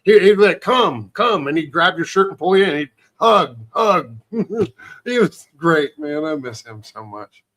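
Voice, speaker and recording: Guest, male, slightly higher voice, halting and fond storytelling. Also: lively intonation, fairly bright tone. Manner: halting, fond reminiscing with many restarts. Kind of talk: casual chat.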